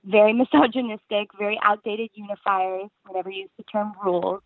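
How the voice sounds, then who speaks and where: A woman's voice: mid-range voice, steady tone, fairly quick, no room sound. A young woman from Texas calling in to a podcast, hesitant, with nervous laughter. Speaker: caller. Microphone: phone. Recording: phone-line call.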